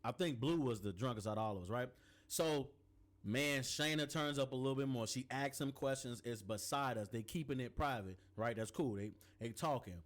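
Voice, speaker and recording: A man on a podcast telling a story in casual chat, animated and slangy with lots of asides. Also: mid-range voice, moderate pace.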